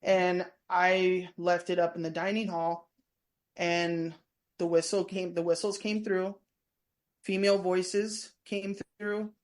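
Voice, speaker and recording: A woman's voice: lowish voice, level tone, slow. A woman telling stories as a guest in a casual interview, meandering and often restarting her sentences. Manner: chatty, meandering, full of restarts. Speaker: guest, former prison staff member and tour guide. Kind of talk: casual storytelling in a podcast interview.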